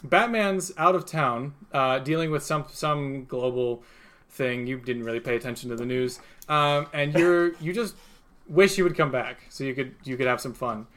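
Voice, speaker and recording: A man's voice: mid-range voice, normal speed, a bit bright. Rambling young man running a tabletop game. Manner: rambling, filler-heavy, chuckling narration. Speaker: game master.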